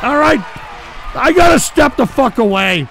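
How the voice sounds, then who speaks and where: A man hosts a live stream in a high, gravelly voice that swings all over, cursing and shouting in exasperation. Loud music and crowd noise play behind him. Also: expressive, unhurried. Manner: profane, exasperated, shouting often. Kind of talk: live-stream commentary rant.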